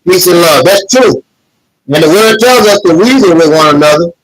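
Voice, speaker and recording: A man's voice: high-pitched, lively intonation, normal speed, no echo, poor audio. A man hosting a live stream, reading viewer comments and addressing his audience in an earnest, repetitive, preacher-like cadence with many fillers; he is emotional. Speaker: host of a streaming show.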